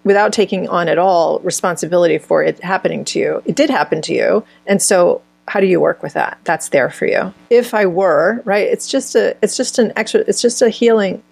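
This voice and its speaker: A woman's voice: on the low side, fairly quick, vocal fry, hardly any pauses, a little mellow, husky, dry recording. A woman speaking as a healer guest in an interview, searching for words and often restarting phrases mid-thought. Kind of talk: conversational interview answers.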